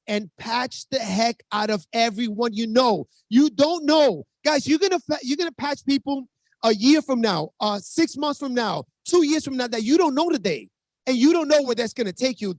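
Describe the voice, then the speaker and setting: A man speaking as a network marketing distributor, giving an urgent motivational pitch with stories and often calling the audience guys. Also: no echo.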